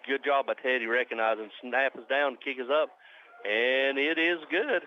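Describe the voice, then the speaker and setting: A man calling a high school football game live on the radio as the play-by-play announcer, speeding up and rising on big plays. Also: moderate pace. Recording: muffled radio broadcast with faint noise.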